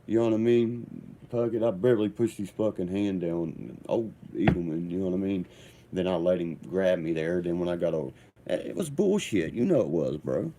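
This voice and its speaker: A man's voice: low-pitched, expressive, moderate pace, dark tone, slight background noise. A man telling a heated, profane story in a rambling, combative way. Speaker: vlogger.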